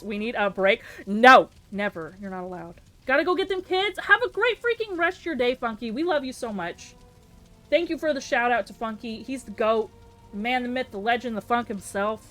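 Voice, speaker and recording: A woman's voice: fairly high pitch, fairly bright tone. Chatty, playful woman game streamer. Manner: chatty and playful, breaks into yelps and laughter. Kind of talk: casual live-stream chat while gaming.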